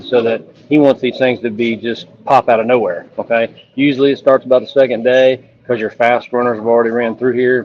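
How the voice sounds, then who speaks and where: Earnest man on a muffled line. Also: mid-range voice. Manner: earnest, emotional storytelling. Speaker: police officer and ultrarunner. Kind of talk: phone interview update.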